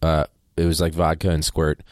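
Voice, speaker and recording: This podcast co-host has a very deep, darkish voice and a completely flat delivery at a moderate pace. A few drinks in, he rambles through casual chat, joking and laughing often, in a small home studio on a podcast mic, recorded dry.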